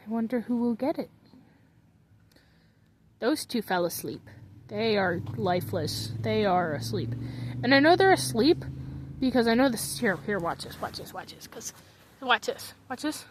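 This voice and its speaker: A woman with a slightly high voice muses aloud in a loose, rambling way, as if talking to herself. She chats casually from her bunk bed in a bedroom. Her thoughts wander from one to the next. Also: animated, measured pace, pauses often, slight background noise. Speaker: vlogger.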